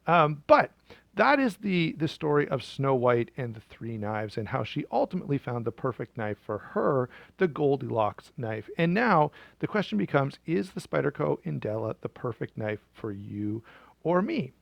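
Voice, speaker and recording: Man, knife vlog host, jokey storytelling, gravelly, dull lo-fi sound. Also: medium pitch, sing-song, normal speed, dry recording. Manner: jokey, upbeat, conversational.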